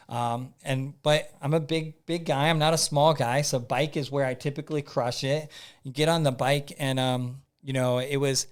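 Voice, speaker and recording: A man telling a story as a podcast guest in a casual, animated way, acting out his own thoughts and using lots of fillers. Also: medium pitch, moderate pace, smooth. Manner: frequent "like" fillers and repeats.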